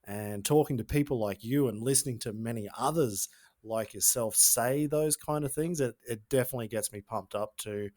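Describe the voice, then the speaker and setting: A man's voice: medium pitch, normal speed, darkish tone. A man hosting a podcast, speaking in a reflective, hesitant way and joking at his own expense. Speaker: podcast host. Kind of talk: casual podcast conversation.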